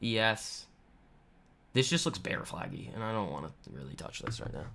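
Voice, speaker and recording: A man with a bright, forward voice hosts a live trading stream from home. He talks loosely and confidently, full of fillers, with a touch of swagger as he answers the chat. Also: fairly low pitch, very animated, fairly quick, gravelly. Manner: chatty and boastful, lots of fillers. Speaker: trading livestream host. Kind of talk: casual live market commentary, answering chat. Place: home room.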